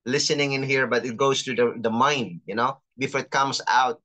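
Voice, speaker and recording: A chaplain teaching an online class, patiently explaining and reading out terms slowly over a video call. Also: mid-range voice, steady tone, pushed and bright. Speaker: chaplain and lecturer.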